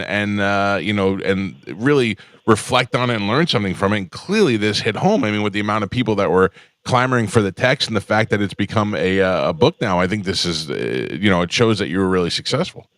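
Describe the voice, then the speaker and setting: A man with a very low, deep voice hosts a casual radio talk show from a dry studio. He rambles through anecdotes and reacts quickly to his guest. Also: lively intonation, a bit bright, no room sound.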